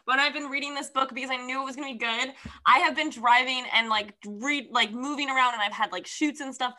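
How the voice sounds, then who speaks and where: A woman's voice: high-pitched, steady tone, brisk, bright, forceful tone. A woman co-hosting a podcast, reacting dramatically and playfully exasperated in a casual book chat. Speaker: podcast co-host. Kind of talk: casual chat about books.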